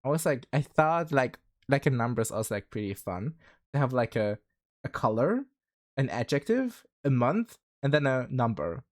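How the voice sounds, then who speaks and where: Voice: medium pitch, big pitch swings, normal speed. A livestreamer chatting casually with viewers, rambling with many fillers and laughing often. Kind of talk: casual stream chat.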